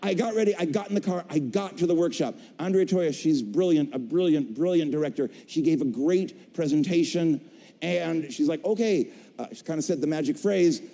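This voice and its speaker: On a large convention hall stage, a voice actor tells a convention audience the story of his career. He's an animated storyteller who acts out voices and cracks jokes, speaking at a normal pace in a slightly high, creaky voice. Long hall reverb colors the sound.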